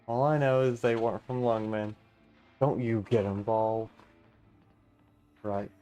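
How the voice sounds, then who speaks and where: A man reading every part of a game story aloud in a steady, mostly plain voice, breaking off now and then for casual asides. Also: fairly low pitch, unhurried, faint music behind.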